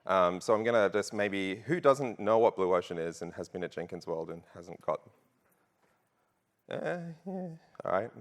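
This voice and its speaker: Australian man, deep voice, playful keynote speaker, chatty and filler-heavy. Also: brisk, hardly any pauses. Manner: jokey, audience-rousing, frequent fillers. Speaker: conference speaker. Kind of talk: conference keynote talk. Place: large conference hall.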